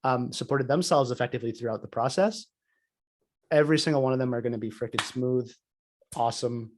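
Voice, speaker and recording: A man's voice: mid-range voice, a little fast, noisy background. A man on a podcast, telling a personal story in casual chat, full of "like" fillers. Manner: animated storytelling, many "like" fillers. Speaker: podcast co-host.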